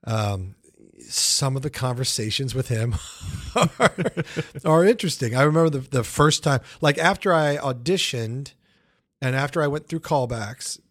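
A middle-aged man from the United States, a guest comedian telling stories in a casual interview, animated, with many fillers and restarts. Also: medium pitch, normal speed, no echo, studio quality.

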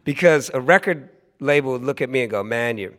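A man's voice: mid-range voice, fast. A man in his forties from Oakland telling a loose, laughing story on stage, acting out other people's voices as he goes. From Oakland, California. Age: 40s. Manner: animated, acts out other people's voices in quotes; laughs often, loose and conversational with many restarts. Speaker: storytelling speaker at a live event. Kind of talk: live storytelling monologue. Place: club stage before a live audience.

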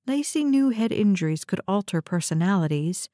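A woman narrating a novel in a steady, even storytelling read, close to the mic. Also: medium pitch, measured pace, no room sound. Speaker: audiobook narrator. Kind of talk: scripted narration.

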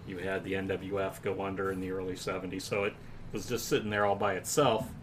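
Low-voiced man explaining matter-of-factly. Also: little pitch movement, quick pace, noisy background. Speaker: podcast co-host. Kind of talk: casual chat.

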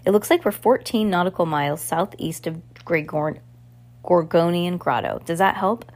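A woman voicing a determined, quick-thinking teenage girl in a storybook reading, with brisk, clipped lines. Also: lowish voice, animated, darkish tone. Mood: urgent.

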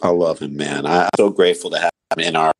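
Male co-host, very low voice, upbeat teasing comic banter. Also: fairly even intonation, fast talker. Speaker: podcast co-host. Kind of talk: casual comedic banter.

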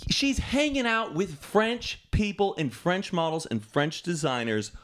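A man with a Texan American accent in casual chat, animated and often jumping into high mocking voices. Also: a little slow.

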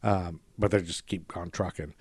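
Speaking at normal speed in a low, steady, darkish voice, with slight background noise, the podcast host, American-raised and of Scottish descent, retells a story in rambling casual conversation. He swears freely and acts out quotes by shifting his voice.

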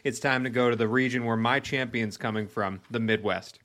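A man hosting a sports podcast, running through teams and stats in a brisk, playful way. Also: medium pitch, steady tone, a bit bright. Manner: brisk rundown of facts, playful. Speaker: podcast host.

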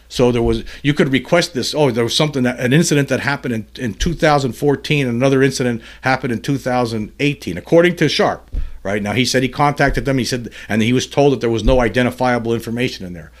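A male podcast host talks alone into the mic, his voice sitting in a middle pitch. He rambles and trips over restarts and fillers, then gets heated and emphatic as he makes his point. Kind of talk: solo commentary podcast.

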